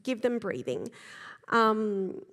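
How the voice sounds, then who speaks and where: A middle-aged woman giving a calm, gentle talk on parenting to a live audience, pausing to demonstrate slow breaths and sighs. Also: mid-range voice. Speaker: parenting speaker. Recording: long reverb of a large hall.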